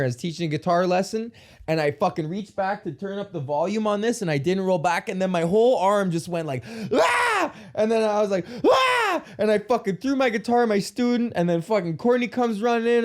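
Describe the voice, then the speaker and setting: Profane rambling young man, higher voice. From Alberta, Canada. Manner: profane, rambling storytelling with loud yelps acting out pain. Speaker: podcast host. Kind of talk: casual comedic rant.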